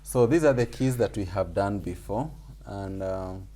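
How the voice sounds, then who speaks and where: Slow, deep-voiced male music teacher. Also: warm tone. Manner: patient, explains slowly with fillers and repetition. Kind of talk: online group class lesson. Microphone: video call.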